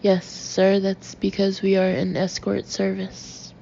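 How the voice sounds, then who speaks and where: A woman voicing a slick, careful male agency boss who talks smoothly and politely but stays guarded, on a dull lo-fi recording. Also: medium pitch, monotone, slow pace, mellow, slight background noise. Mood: cool.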